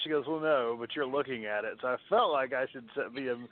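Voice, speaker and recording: A man's voice: medium pitch, fast. Rambling man on a tinny line. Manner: rambling, laughs often, swears casually. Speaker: podcast co-host. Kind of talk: casual chat. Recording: tinny phone-like sound with faint noise.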